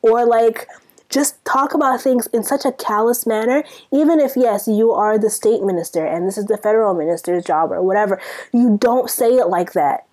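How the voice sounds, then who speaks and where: A woman's voice: on the high side, moderate pace, darkish tone. A young woman from Sudan co-hosting a podcast, ranting in a casual, exasperated way full of rhetorical questions. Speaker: podcast co-host. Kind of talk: casual chat.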